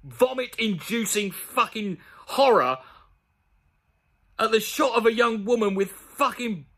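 Sweary, sarcastic man, lively pitch. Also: unhurried. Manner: sarcastic, profane, exasperated asides. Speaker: comedy YouTuber. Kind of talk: sweary comedic rant reading an article aloud.

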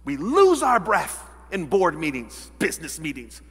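A male pastor delivers a dramatic sermon in a high, ringing voice, slipping into quoted voices and shifting from loud outbursts to near whispers. His words trail off into a long reverb that fills the church sanctuary. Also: huge pitch swings, unhurried, husky. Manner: dramatic, acts out quoted voices, swings between loud and hushed.

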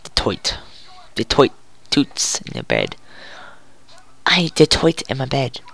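A gamer giving goofy, excitable commentary while playing a hockey video game, groaning and yelling at each play. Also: medium pitch, slow, gravelly.

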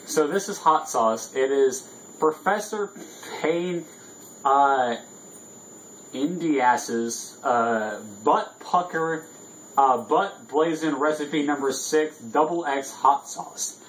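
A man's voice: a little high, takes it slowly, fairly bright tone, slight background noise, rough recording. A drunk man hosting a casual vlog, rambling loosely and swearing freely. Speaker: vlog host. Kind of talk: casual chat.

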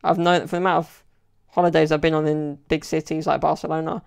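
A man's voice: on the high side, level tone, fast talker, vocal fry, clean tone. A young man telling stories in a casual solo podcast, rambling and chatty with lots of "like" and "you know". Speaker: podcast host.

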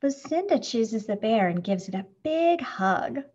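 Woman reading a children's story, lilting and breathy, slow, muffled lo-fi recording. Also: a little high, very animated, darkish tone. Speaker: reader. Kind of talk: children's picture book read-aloud.

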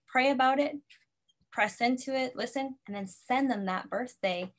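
Woman ministry facilitator, higher-pitched, earnest storyteller teaching from experience. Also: normal speed. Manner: earnest, storytelling, quotes her own prayers. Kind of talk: teaching talk with personal stories.

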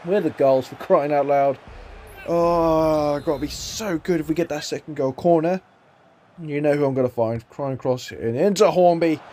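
A young man calls his football game match with a high, bright voice. He swings from hushed muttering to sudden excited shouts, with a little faint room noise behind him. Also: normal speed. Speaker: gaming YouTuber.

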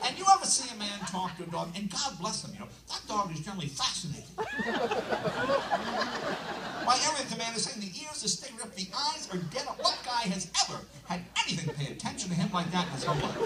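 A man doing a live stand-up routine with an animated, punchy delivery and sudden shouts, recorded from a distance in an echoey live venue with a loud crowd. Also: sits high, fast talker, heavy background noise. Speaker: stand-up comedian.

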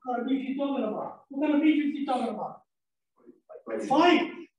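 A man's voice: very high voice, fairly quick, darkish tone. Man lecturing in an echoey room, far off. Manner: playful, rambling, quizzes the audience. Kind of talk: lively classroom lecture with jokes.

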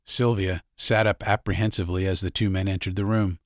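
A man narrating an audiobook in a measured, dramatic reading, recorded in a studio. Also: deep voice, steady tone, dry recording. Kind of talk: scripted narration.

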